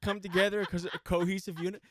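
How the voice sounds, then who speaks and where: A man voicing a fed-up middle-aged customer at his wit's end, whining and pleading to everyone in a fast-food line. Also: high voice, flat delivery, voice pushed up, close to an everyday voice. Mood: exasperated.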